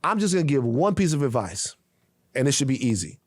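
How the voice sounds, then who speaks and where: Emphatic man in lively podcast talk. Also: medium pitch, fairly quick, no echo. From United States. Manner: emphatic, repeats phrases for weight. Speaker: podcast co-host. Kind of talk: casual podcast discussion.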